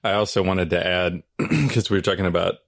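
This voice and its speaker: A man's voice: sits low, fairly quick, no echo, clean studio sound. A man co-hosting a podcast, telling a casual story in chat. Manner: relaxed storyteller, jokey asides. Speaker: podcast co-host.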